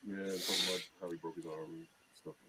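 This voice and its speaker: Fast-talking low-voiced male interviewer. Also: flat delivery. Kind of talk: casual interview chat. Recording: distant mic with loud background noise.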